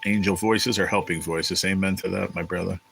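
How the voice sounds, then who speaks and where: A deep-voiced man chats loosely through a livestream, talking straight to viewers in the chat. His tone has a bright, forward edge, and he rambles and swears freely. A faint hum sits under the recording. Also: fairly even intonation, a little fast, vocal fry, poor audio. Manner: rambling, profane, chatty with viewers. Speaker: livestream host reading chat.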